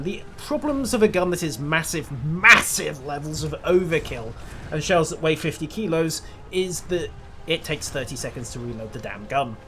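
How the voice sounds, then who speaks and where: Wry man commentating a tank game. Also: fairly high pitch. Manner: dry, wry, informative. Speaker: gameplay commentator. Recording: loud game noise behind.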